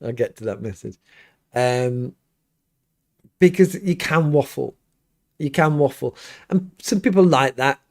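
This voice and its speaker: A middle-aged priest hosts a live Q&A stream from his home studio, speaking in a mid-range, darkish voice. He's a little slow and pauses often, rambling casually with many restarts and fillers.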